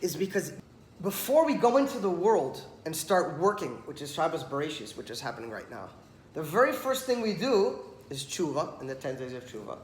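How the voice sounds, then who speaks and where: This Torah talk comes from a man whose voice sits on the high side and moves briskly; he's an animated storyteller who acts out the dialogue. Background noise and room echo are audible.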